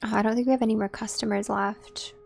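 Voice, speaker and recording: A woman's voice: fairly high pitch, fairly even intonation, fast, gravelly, a little mellow, husky. Chatty woman streamer, faint music behind. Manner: chatty, talks straight to her chat. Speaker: live streamer. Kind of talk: casual live game-stream chat.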